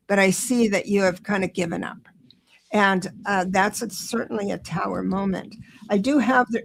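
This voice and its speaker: A woman hosting a live-stream tarot reading, chatty and encouraging, talking quickly with many restarts. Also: mid-range voice, creaky. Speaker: tarot reader and show host.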